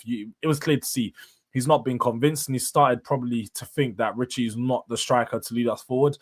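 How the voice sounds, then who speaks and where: A young man at medium pitch runs a casual solo football review. Blunt, opinionated and full of slang, he fires off questions and answers them himself.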